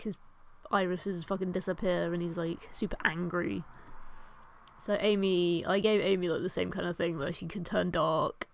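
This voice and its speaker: Slow rambling young woman, dry sound. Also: on the low side, creaky, dry recording. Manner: rambling, lots of "like" and "um", frequent swearing. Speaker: artist and video host. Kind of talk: casual chat while drawing, retelling a story.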